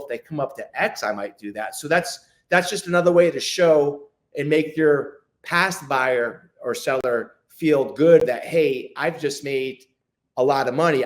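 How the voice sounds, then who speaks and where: Chatty man telling sales stories. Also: a little high. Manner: chatty, acts out phone calls with clients, many restarts. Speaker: luxury real estate agent, guest. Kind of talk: casual interview talk.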